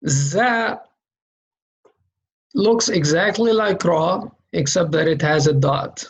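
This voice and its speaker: Slow, gravelly-voiced male teacher. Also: fairly high pitch, rough recording. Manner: patient, explains slowly and checks in with "okay?"; demonstrates sounds by repeating them. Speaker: Quran reading teacher. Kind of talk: step-by-step lesson explaining letter shapes and sounds.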